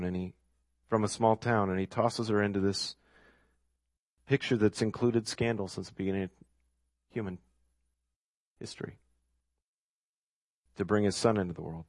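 A man's voice: medium pitch, no room sound. Emphatic male preacher, dry close sound. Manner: emphatic, repeats key phrases for effect. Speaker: pastor. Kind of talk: sermon.

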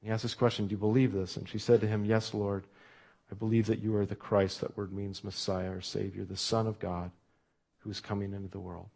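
A man preaching a sermon, talking through a scripture story in a conversational way and dropping to a hush when he quotes. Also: lowish voice, level tone, brisk, gravelly. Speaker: pastor.

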